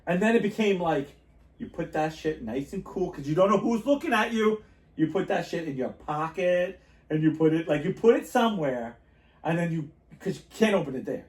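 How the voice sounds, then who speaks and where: A man hosting a podcast, telling stories in a lively, animated way and laughing often. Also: on the high side, moderate pace, far from the mic. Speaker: podcast host. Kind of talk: casual chat. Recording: roomy, a little off-mic.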